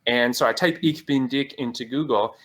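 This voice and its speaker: A man's voice: medium pitch, normal speed, a bit bright. A man guest on a call-in talk show, telling a personal story in a rambling way with many "like" fillers. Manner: rambling, heavy use of "like" fillers.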